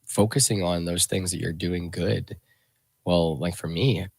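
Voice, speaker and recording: A man hosting a radio talk show, speaking reflectively in a rambling, halting way full of restarts and fillers. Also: sits low, fairly even intonation, vocal fry, husky, no echo.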